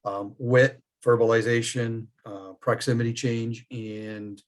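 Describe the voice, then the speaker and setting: A man's voice: medium pitch, slow. A middle-aged man, a firearms trainer, telling stories in casual chat and laughing often. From New York state. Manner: animated storyteller, laughs often.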